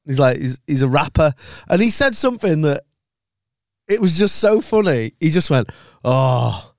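A man's voice: a little high, sing-song, normal speed, dry recording, studio quality. A man hosting a podcast, telling stories in casual chat, swearing freely and laughing often. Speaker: podcast host, comedian.

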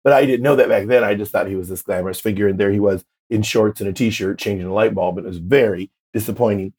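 A man in his fifties with a low, husky voice, spinning a long anecdote as an interview guest. He slips into other people's voices as he quotes them, and his telling is lively and playful throughout. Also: quick pace, few pauses. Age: 50s. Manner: animated storyteller, acts out quoted voices. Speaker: drag performer and guest. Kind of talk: casual interview storytelling.

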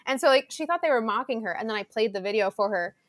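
A woman in her twenties tells family stories as a podcast guest, her voice sitting high. She is animated and laughs often, slipping into the voices of the people she quotes. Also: fast. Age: 20s. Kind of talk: casual storytelling chat.

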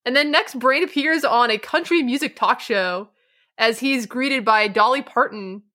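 Woman podcast co-host, animated casual recapper, bright tone. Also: on the high side. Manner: animated, laughing, does quick impressions.

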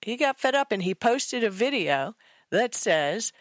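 A woman's voice: fairly high pitch, sing-song, a little slow, dry recording. A woman co-hosting a tech radio show and telling stories in chatty, enthusiastic casual talk. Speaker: co-host and author.

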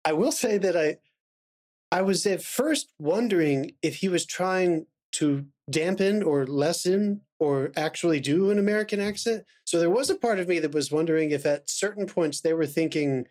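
A man's voice: fairly high pitch, moderate pace, darkish tone. A man co-hosting a podcast, talking in a tentative, hedging way as he thinks aloud in casual chat. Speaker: podcast co-host.

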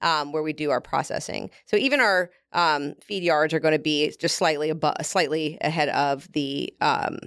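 A woman's voice: low voice, steady tone, normal speed, hardly any pauses, a bit bright, clean tone, dry recording. A woman, a beef company representative, explaining at length in a casual interview, with frequent fillers.

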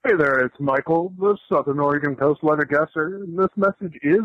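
A man's voice: on the high side, normal speed, dry recording. A man who works in radio leaving a rambling, casual voicemail. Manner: rambling, self-interrupting. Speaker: radio worker, voicemail caller. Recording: dull lo-fi voicemail.

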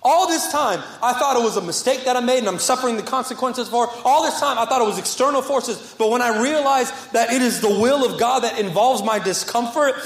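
A young man, a pastor, preaching a passionate sermon to a congregation, repeating phrases and moving between fervent rises and soft, quiet passages. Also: very high-pitched, a little fast, hardly any pauses, roomy sound. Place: church sanctuary with congregation.

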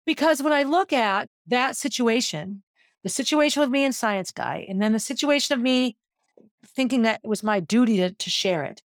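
A woman's voice: fairly high pitch, animated, normal speed, no echo, studio quality. A woman, a former teacher, telling a personal story in a vivid, descriptive way that walks listeners through a scene.

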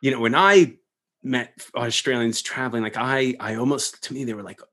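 A man's voice: medium pitch, moderate pace. A man from Long Island in casual conversation, telling stories with frequent laughter. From Long Island, New York. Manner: laughs often, animated storytelling. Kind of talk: casual chat.

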